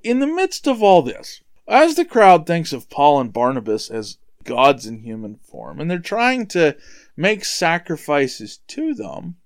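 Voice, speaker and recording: A man's voice: on the high side, dry recording, clean studio sound. A man hosting a podcast, casually retelling a Bible story and sometimes stumbling over names. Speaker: podcast host.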